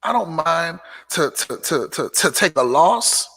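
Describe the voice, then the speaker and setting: Gravelly, emphatic man preaching self-respect. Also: fairly high pitch, big pitch swings, a little slow, fairly bright tone. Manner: preachy and emphatic, repeats lines for punch, sassy asides. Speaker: host of a live motivational talk show. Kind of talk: live motivational monologue.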